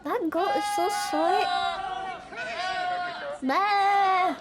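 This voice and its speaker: A woman's voice: very high voice, animated, takes it slowly, a loud crowd. A young woman streamer chatting casually as she reacts to videos, giggling and playfully imitating animal screams. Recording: noisy stream audio.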